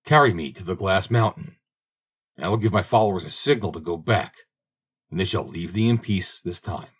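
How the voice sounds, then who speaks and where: A man's voice: deep voice, moderate pace, a bit bright, breathy edge. A man voicing a brave young drummer who speaks with confident, boastful assurance in a fairy-tale audiobook. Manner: confident, boastful, slightly raised voice. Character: brave young male drummer, bold and fearless. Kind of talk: audiobook character reading.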